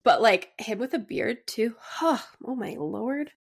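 A woman's voice: on the high side, very animated, measured pace, vocal fry, slightly rough. A young woman co-hosting a podcast, chatting casually and agreeably with many filler words. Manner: easygoing, agreeable, filler-heavy. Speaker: podcast co-host. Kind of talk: casual chat.

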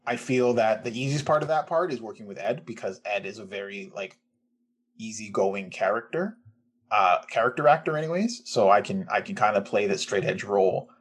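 A man's voice: lowish voice, fairly quick, slightly rough. A man who voices a role in an audio drama, talking casually and hesitantly about his craft with many fillers. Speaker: voice actor. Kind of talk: casual behind-the-scenes chat.

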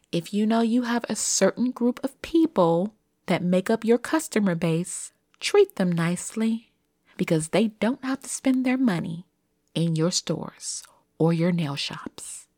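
A woman's voice: lowish voice, dry recording, studio quality. A middle-aged woman telling a story in a chatty, emphatic way, asking rhetorical questions, as a podcast host. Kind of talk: casual storytelling monologue.

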